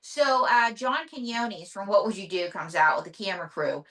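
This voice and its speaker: A woman, a ventriloquist, talking casually as an interview guest with animated storytelling. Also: mid-range voice, normal speed.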